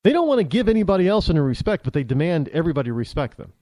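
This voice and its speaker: An American man hosting a talk show, delivering a rambling opinion monologue full of halting restarts. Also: on the high side, big pitch swings, mellow, dry recording, studio quality. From United States.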